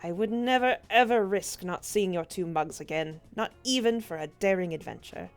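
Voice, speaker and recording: A woman voicing a female ship's navigator who gently reassures two children. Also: mid-range voice, moderate pace, soft background music, lightly acted. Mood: reassuring.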